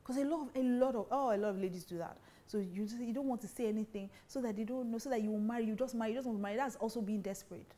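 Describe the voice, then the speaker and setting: A woman preaches at a quick clip, firing question after question at her listeners. Her voice sits mellow and warm rather than bright, and she teaches on marriage with emphatic conviction. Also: on the high side. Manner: emphatic, fires rhetorical questions. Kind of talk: preaching talk to women.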